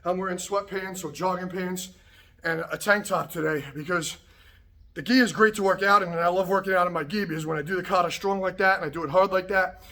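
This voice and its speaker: Still slightly out of breath from a workout, a karate instructor with a fairly high voice talks a little fast straight to the camera in an indoor martial arts practice space. He coaches in a loose, easygoing, repetitive way, often saying "okay" and "right" and checking in with his viewers.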